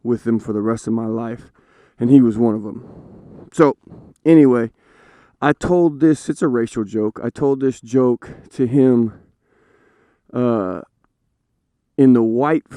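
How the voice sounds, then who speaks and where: A man motovlogging from his motorcycle, chatting casually in an unhurried way and telling a joke into a helmet camera mic. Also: mid-range voice, dark tone, no echo. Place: outdoors on a motorcycle. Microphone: helmet-mounted camera mic.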